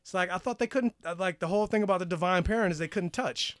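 A man's voice: sits high, quick pace, a bit bright, dry recording, clean studio sound. A man co-hosting a casual TV review podcast, rambling and restarting his sentences, with casual swearing. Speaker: podcast co-host.

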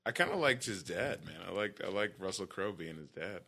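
A man's voice: low voice, animated, brisk, sharp tone. A man guesting on a podcast, chatting casually in a laid-back, joking way. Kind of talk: casual chat.

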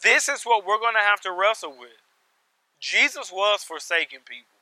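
Bright, emphatic male preacher. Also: high-pitched, big pitch swings, normal speed, no room sound, low-quality recording. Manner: emphatic, builds with repeated phrases, swings from loud to hushed. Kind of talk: sermon.

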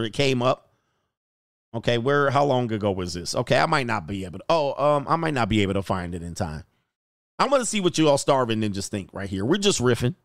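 A man doing casual reaction commentary as a YouTube commentator, slangy and prone to loud exclamations. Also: medium pitch, dry recording, studio quality.

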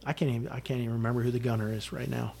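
A man's voice: mid-range voice, little pitch movement, very fast, creaky, dark tone, a little hiss or hum. A middle-aged man, a retired Army sergeant major, recounting a combat story as a podcast guest in blunt, vivid words with frequent fillers and swearing.

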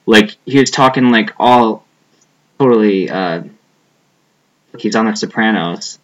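A young man with a somewhat low voice talks loosely in a casual podcast chat. He rambles, swears freely and leans on filler words, often trailing off mid-thought. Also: measured pace, long pauses, a bit bright, highs cut off. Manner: rambling, profane, trailing off with lots of "like".

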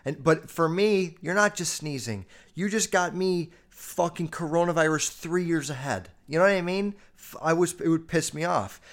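A young man from the United States talks through a casual podcast monologue. His voice sits slightly high for a man, and he swears freely. His pitch and loudness jump around as he tells his stories. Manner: profane, animated storytelling with quick jumps in pitch and loudness. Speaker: podcast host.

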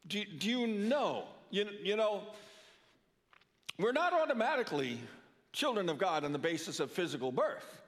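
A man's voice: high-pitched, sing-song, moderate pace. An older man preaching a sermon in a church, earnest, often repeating words for emphasis. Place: church sanctuary. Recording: long reverb of a church hall.

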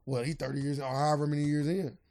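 A man's voice: fairly high pitch, level tone, fast, warm tone, no room sound. A man co-hosting a podcast in casual chat, teasing and stubbornly pressing his point. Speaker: podcast co-host.

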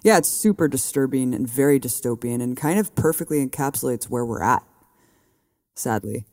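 A man's voice: medium pitch, animated, moderate pace, a little mellow, dry recording, clean studio sound. A man from California co-hosting a political podcast, talking casually with lots of "like" fillers. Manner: casual, fills his speech with "like". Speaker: podcast co-host.

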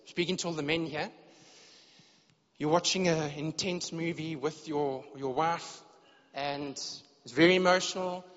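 A man's voice: fairly high pitch, fairly even intonation, measured pace, a bit bright. Preacher man in an echoing church hall. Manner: earnest, repeats words when searching for phrasing. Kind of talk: sermon. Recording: dull lo-fi sound with long hall reverb.

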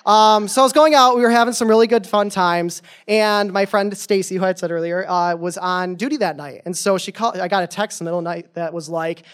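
A young man in his twenties telling a personal story on stage, animated and goofy, chatty with lots of fillers. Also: high-pitched, quick pace, hardly any pauses, smooth.

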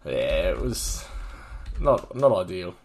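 A man with an Australian accent, hosting a casual sports podcast in a relaxed, laughing way. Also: low-pitched, slow, creaky. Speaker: podcast host.

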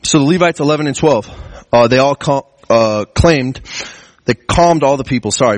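A man preaching a sermon in an earnest way, his pitch climbing as he presses his points. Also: normal speed, dry recording. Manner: earnest, rising pitch when stressing a point. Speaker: pastor.

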